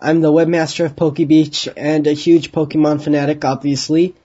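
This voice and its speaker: A male podcast host with a somewhat high voice chats and jokes with his guests. His voice comes through a dull, low-fidelity line with little sparkle. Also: flat delivery, brisk, mellow, husky. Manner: teasing, joking. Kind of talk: casual chat. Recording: dull lo-fi voice chat.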